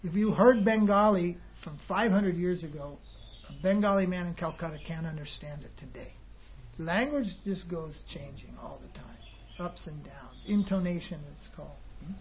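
A man's voice: high voice, normal speed, a little hiss or hum. A man giving an informal devotional talk to a group, rambling and conversational with chuckling asides. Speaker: spiritual teacher. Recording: dull lo-fi recording with faint ambience.

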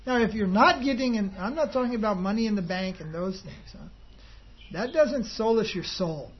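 High-voiced man giving a rambling devotional talk. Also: expressive, normal speed, slightly rough. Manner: rambling, conversational, chuckling asides. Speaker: spiritual teacher. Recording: dull lo-fi recording with faint ambience.

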